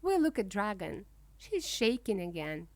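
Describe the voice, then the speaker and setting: A woman reading a children's storybook aloud in a slow, clear way for young English learners. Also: mid-range voice, big pitch swings, a little mellow, no room sound. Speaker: narrator. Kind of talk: children's book read-aloud.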